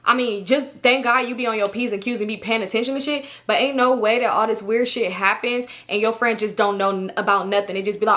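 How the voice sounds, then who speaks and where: Bright-voiced young woman telling a story. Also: fairly high pitch, fast talker. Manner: animated, profane, acts out her own past texts and thoughts. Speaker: storytime vlogger. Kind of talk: casual storytelling to viewers.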